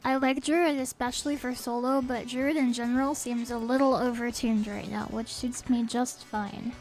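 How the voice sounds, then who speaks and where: A woman's voice: fairly high pitch, steady tone, normal speed, a little mellow, rough recording. A woman streamer chatting in a rambling, playful way while playing a game, a little sniffly. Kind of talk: casual game stream chat. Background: faint game music.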